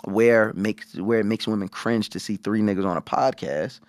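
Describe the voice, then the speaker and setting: This podcast co-host has a lowish voice and speaks at a moderate pace, captured with studio quality and no room echo. In a loose, casual conversation he tells a story with lots of profanity, voicing the people he quotes with animation.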